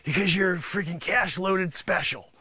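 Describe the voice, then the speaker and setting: A man's voice: high voice, unhurried, pushed and bright, husky, no room sound, voice pushed down, exaggerated voice. A man voicing a boastful, greedy male karate sensei in an improvised comic bit, scolding and bragging at his students. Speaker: livestream musician host.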